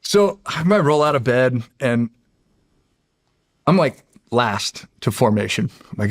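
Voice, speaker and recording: Gravelly middle-aged man telling a story. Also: medium pitch, normal speed. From United States. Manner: animated, laughs through his anecdote, frequent restarts. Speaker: podcast guest, former Navy SEAL. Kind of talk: casual storytelling.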